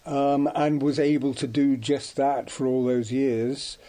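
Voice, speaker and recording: A man's voice: medium pitch, little pitch movement, measured pace, dark tone. An older man from Devon, a guest reminiscing about his life, hesitant and full of ums and restarts. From Devon, England. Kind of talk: reminiscing conversation.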